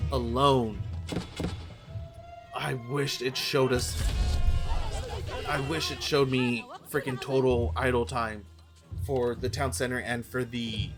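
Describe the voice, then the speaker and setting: A man casting a strategy game with a medium-pitched, hoarse voice, talking through the match in an opinionated way and often stopping to correct himself. Game music plays clearly behind him. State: losing his voice. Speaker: game caster. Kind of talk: play-by-play strategy game commentary.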